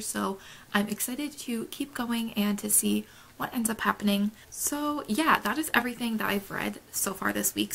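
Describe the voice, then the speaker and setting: A woman's voice: medium pitch, a bit bright, poor audio. A woman chatting casually to camera in a book vlog, rambling and laughing often, recorded at home. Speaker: book vlogger.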